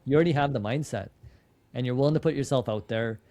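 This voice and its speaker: A man's voice: medium pitch, fast talker, dark tone. A man, a podcast guest and entrepreneur, telling a story in a casual interview, often restarting words and quoting his own dialogue. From Canada. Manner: repeats and restarts words, tells anecdotes with quoted dialogue.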